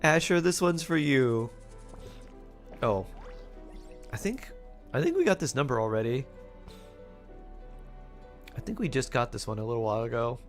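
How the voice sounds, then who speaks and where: A man's voice: mid-range voice, expressive, moderate pace, pauses often, soft background music. A man streaming live, improvising playful fortune-telling stories and laughing often.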